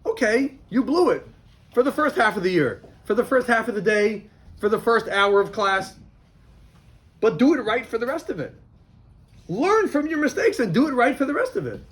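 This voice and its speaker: A man's voice: very high voice, sing-song, moderate pace, fairly bright tone. A man, a rabbi, teaching a class of boys and telling them a story, often repeating himself.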